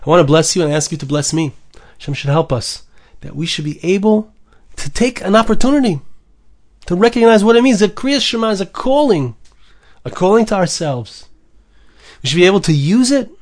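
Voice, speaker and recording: Man, rabbi, devotional podcast talk, earnest, slightly higher-pitched voice. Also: animated, brisk, pauses often. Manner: earnest, rising with emphasis.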